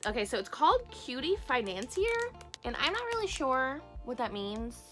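A young woman hosting a casual unboxing vlog, gushing and excitable, gasping over each cute item. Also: sits high, moderate pace, faint music behind. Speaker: craft and squishy channel host.

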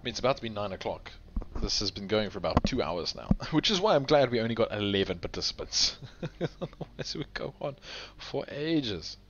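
A man hosting a game tournament stream, tired and with a sore throat, chatting in a relaxed, chuckling, rambling way. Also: fairly low pitch, a little fast, slight background noise. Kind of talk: casual live game commentary. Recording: dull lo-fi stream audio with game music. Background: faint game music.

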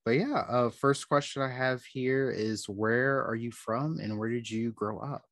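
A man's voice: mid-range voice, measured pace, a bit bright, no echo. A man hosting an interview podcast, talking loosely with lots of fillers. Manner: loose, filler-heavy, laid-back. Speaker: podcast host. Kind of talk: casual interview chat.

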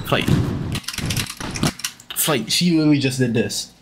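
Slow-talking man teasing through reaction commentary. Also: mid-range voice, heavy background noise. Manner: teasing, mocking, repeats himself. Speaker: reaction video host.

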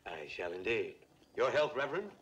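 A boozy frontier doctor, grandiloquent, lively swooping pitch, noisy film soundtrack. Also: male voice, moderate pace. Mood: blustering. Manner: grandiloquent, theatrical. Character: boozy, flowery frontier doctor, middle-aged man. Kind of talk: 1960s film acting. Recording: film soundtrack with background noise.

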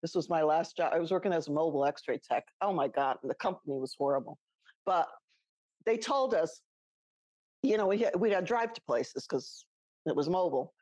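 A woman's voice: low voice, lively intonation, fairly quick, darkish tone, no room sound. A middle-aged woman co-hosting a podcast, telling a personal story in a casual, chatty way and laughing often. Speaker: podcast co-host.

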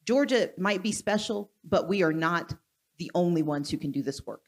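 A woman from Mississippi, a guest speaker in a live onstage conversation, talking in a forceful, deliberate, rallying way. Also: on the low side, expressive.

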